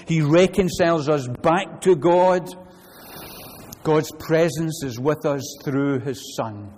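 A man preaching a sermon, animated, moving between loud emphasis and quiet asides. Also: fairly high pitch, husky. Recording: long hall reverb.

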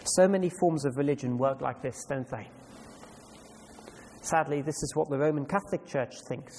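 A man's voice: on the high side, normal speed, a little mellow. Male preacher, emphatic, questioning delivery; long hall reverb, faint room noise. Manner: emphatic, asks the congregation questions. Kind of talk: sermon.

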